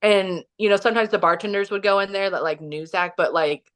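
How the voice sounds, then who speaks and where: A medium-pitched woman from the US Midwest, specifically Kansas City, Missouri, talks briskly as a podcast guest. Her story rambles casually, packed with "like" and sentences she restarts.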